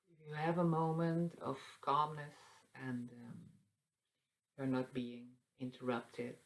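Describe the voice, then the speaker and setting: A woman hosting a spiritual talk that moves into a guided meditation, speaking softly and meandering, with light laughs. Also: rumbling low, poor audio. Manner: soft, slow and meandering, with frequent fillers and light laughs. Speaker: spiritual channel host. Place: seated indoors.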